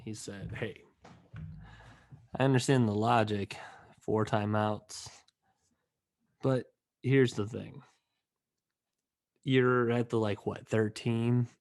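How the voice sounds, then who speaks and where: A young man hosting his own podcast, rambling with fillers and restarts, tired and yawning, swinging between mournful mumbling and loud outbursts. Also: medium pitch, fairly even intonation, slow pace, pauses often. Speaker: podcast host. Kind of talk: casual solo podcast rant.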